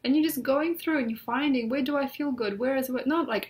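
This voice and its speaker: Woman, astrologer, slightly high voice, casual rambling talk, reflective, lots of fillers, at home on a bed, computer mic. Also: a little fast, darkish tone. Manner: rambling, reflective, full of "like" and "you know".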